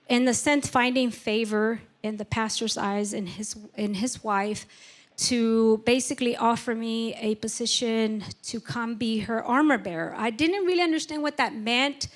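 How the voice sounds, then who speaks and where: Woman, personal testimony, candid and halting, slightly high-pitched. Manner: candid, emotional, halting with many fillers. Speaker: church member giving testimony.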